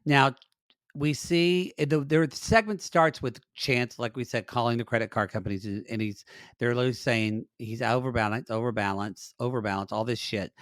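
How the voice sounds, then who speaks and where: A man's voice: medium pitch, normal speed, fairly bright tone, no room sound, clean studio sound. A man co-hosting a podcast, giving sassy, wry commentary on reality TV in casual chat. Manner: sassy, wry commentary, addresses listeners as y'all. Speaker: podcast co-host.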